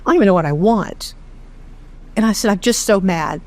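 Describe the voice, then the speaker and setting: A middle-aged woman from Texas tells her own story as an interview guest, candid and animated, with a self-deprecating streak. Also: medium pitch, brisk. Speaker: charity founder, interview guest. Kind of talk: conversational storytelling.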